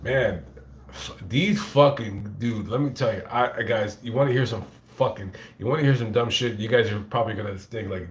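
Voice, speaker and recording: A man with a lowish voice talks at a moderate pace in an echoey room, telling a story to camera like a YouTuber and reading chat. He swears freely, rambles, and stumbles over his words, restarting again and again.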